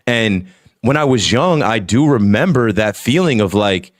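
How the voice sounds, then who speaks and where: A man's voice: on the low side, lively intonation, a little slow, no room sound, clean studio sound. A man guesting on a podcast as a former radio host, talking in an articulate, emphatic way. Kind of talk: casual podcast chat.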